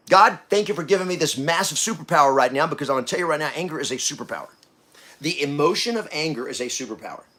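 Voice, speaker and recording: A man in his fifties hosting a podcast, giving a preachy motivational talk that swings between loud bursts and hushed asides. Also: medium pitch. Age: 50s. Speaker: podcast host.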